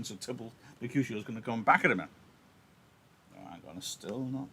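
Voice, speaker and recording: A man teaching a play live into a laptop microphone, chatting casually and apologising along the way. His throat is a little husky and sore, and his pitch sits at an ordinary middle. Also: moderate pace, sharp tone, slight background noise. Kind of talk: livestreamed reading lesson with analysis.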